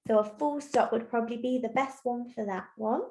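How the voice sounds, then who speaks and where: A woman teacher giving a recorded lesson to young children, explaining clearly and patiently step by step. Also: on the high side, brisk, mellow. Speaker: primary school teacher. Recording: roomy echo.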